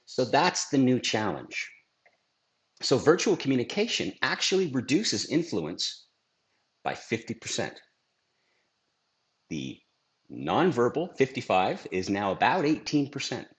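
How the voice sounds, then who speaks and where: A man's voice: mid-range voice, unhurried, long pauses. A middle-aged man teaching a scripted video lesson on influence as a trainer, emphatic and asking rhetorical questions. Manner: lively, emphatic presenter who asks rhetorical questions. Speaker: sales trainer.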